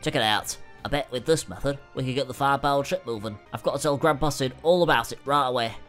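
A man voicing a brusque, bookish young male tinkerer in a gruff, lowered voice while playing a game. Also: fast, fairly bright tone, soft background music, natural voice.

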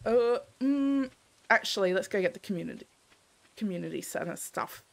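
A woman's voice: medium pitch, expressive, moderate pace, vocal fry. A young woman commenting casually while streaming a game, grumbling to herself in theatrical exasperation.

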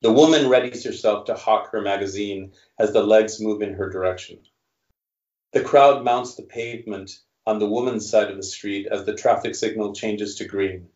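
A male author reading his own fiction aloud in a measured narration, then answering questions. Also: on the low side, a little mellow. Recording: roomy, dull recording.

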